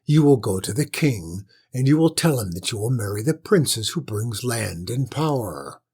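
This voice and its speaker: A man doing a gruff, blustering old lord. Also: mid-range voice, lively intonation, normal speed. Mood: gruff commanding. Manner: gruff, commanding, shouting.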